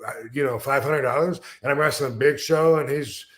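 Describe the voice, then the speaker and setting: A man's voice: mid-range voice, fairly quick. A man hosting a podcast, casually recounting an old complaint about pay in a loose, rambling way. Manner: loose, rambling recollection with fillers and laughs. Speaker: podcast host. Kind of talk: casual chat interview.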